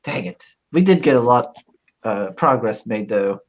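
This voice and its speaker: A male host running a casual livestream, his voice swinging lively up and down in pitch. He chats in an upbeat way while going through campaign updates. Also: a little slow.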